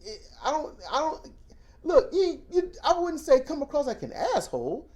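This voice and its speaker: A man co-hosting a casual discussion, telling stories in an animated way and breaking into loud mocking quotes. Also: very high voice, moderate pace. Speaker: podcast co-host.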